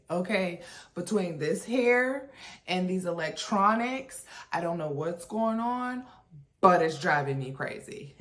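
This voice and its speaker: A woman hosting a reaction video, talking in a chatty, frank way with lots of fillers and asides. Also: fairly low pitch. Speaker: reaction channel host. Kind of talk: casual reaction commentary.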